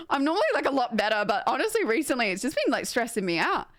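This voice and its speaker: This is a young Australian woman streaming casually, spilling a rambling, self-mocking story full of little "likes" and quick laughs. Her voice sits a little on the high side. The sound is close and dry, with no room around it. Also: dry recording. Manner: animated, full of filler likes. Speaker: game streamer.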